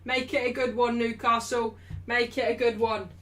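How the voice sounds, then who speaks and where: Young English woman host, brash and sweary, bright forceful voice, slightly off-mic. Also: fairly high pitch, flat delivery, moderate pace, recorded from a distance, slight background noise. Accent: English, not Mancunian. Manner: blunt, swears freely, loud and defensive, then apologetic. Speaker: livestream host of a football watchalong. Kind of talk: casual live chat reading super chats.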